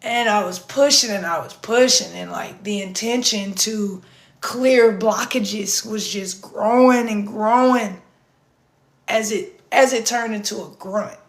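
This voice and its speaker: A hoarse woman speaking in a casual, intense live-stream monologue, repeating herself and swearing freely. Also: mid-range voice, slow pace. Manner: intense, repetitive, profane, swings to shouting. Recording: roomy echo.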